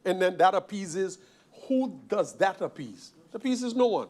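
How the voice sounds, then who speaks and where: Emphatic high-voiced man speaking in parliament. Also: lively intonation, a little slow. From Sint Maarten. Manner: emphatic, repetitive, forceful rhetorical questions. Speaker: member of parliament. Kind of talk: parliamentary speech. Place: parliament chamber.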